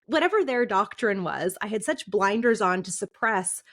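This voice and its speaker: A woman's voice: mid-range voice, animated, moderate pace, fairly bright tone. A woman in her thirties, a podcast guest, candidly recounting a painful personal experience, often laughing through it and restarting her sentences.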